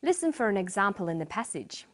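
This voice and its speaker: A woman narrating a scripted English lesson as a teacher, speaking clearly and deliberately. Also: medium pitch, sing-song, a bit bright.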